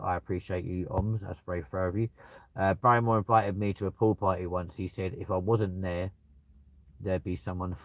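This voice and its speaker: A man's voice: low-pitched, dry recording. A man, banter-style streamer reading out chat and answering with crude jokes, at home. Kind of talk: casual chat. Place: at home with dogs nearby.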